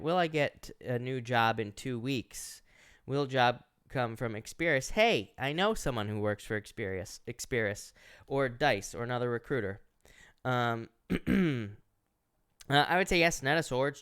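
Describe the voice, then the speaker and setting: A man's voice: medium pitch, a bit bright, clean tone. A man doing a casual live-stream tarot reading, greeting viewers and reading out their questions in a chatty, filler-heavy way. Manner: casual, chatty, lots of filler "uh" and "is what I'd say". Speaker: tarot reader. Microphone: headset or earphones.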